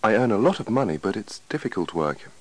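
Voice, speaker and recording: A man's voice: lowish voice, big pitch swings, fast talker, dry recording, pitched above the performer's own voice, rough recording. A man reading the part of an anxious, overworked patient in a scripted lesson dialogue, in a plaintive, pleading way. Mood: worried.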